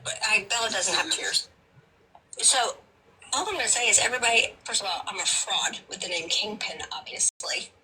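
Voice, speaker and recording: A woman's voice: mid-range voice, moderate pace, sharp tone, a little hiss or hum, rough recording. A woman hosting a group livestream, talking bluntly and joking at her own expense. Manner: blunt and self-mocking, talks back to the chat. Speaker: livestream host. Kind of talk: casual livestream chat.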